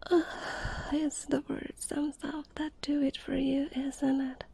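A woman in whispered role-play, high-pitched and held in a narrow, even range. She moves very slowly through hesitant pauses, and her mellow whisper carries a gravelly edge. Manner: slow unvoiced whisper with long hesitant pauses. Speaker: audio performer.

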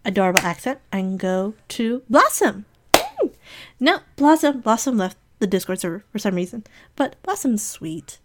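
A woman's voice: mid-range voice, sing-song, moderate pace, a little hiss or hum. A woman in a rambling casual monologue, gushing with affection and giggling, sniffling now and then. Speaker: community member giving shout-outs.

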